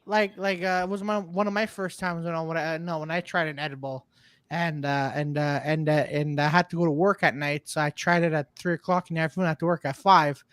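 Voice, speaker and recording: A man chatting casually, excited and stumbling over restarts as he tells a story. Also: a little high, a little fast, smooth, no echo. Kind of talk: casual chat.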